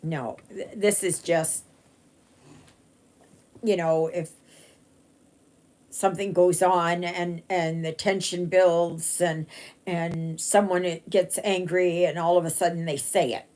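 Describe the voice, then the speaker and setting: A woman's voice: fairly low pitch, flat delivery, slow, long pauses, a little mellow. A woman, chatting casually and rambling with many fillers and restarts while she stitches on a live stream. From Canada. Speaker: cross-stitch vlogger.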